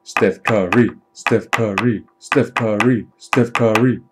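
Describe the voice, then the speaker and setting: A man opening trading card packs live, chatting casually, swearing often and bursting into excited shouts at big pulls. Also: fairly low pitch, slow, hardly any pauses, background noise. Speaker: card break streamer.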